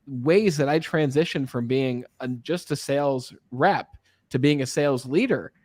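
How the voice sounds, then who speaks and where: A man hosting a casual interview as a sales coach, telling stories in an animated way and often checking in with "right?". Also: mid-range voice, normal speed, dry recording. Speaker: podcast host and sales coach.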